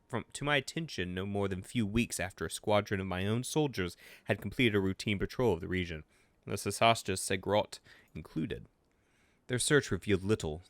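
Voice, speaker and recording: A man voicing a proper English gentleman naval commander with a measured, formal delivery, reading game dialogue. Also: lowish voice, no echo.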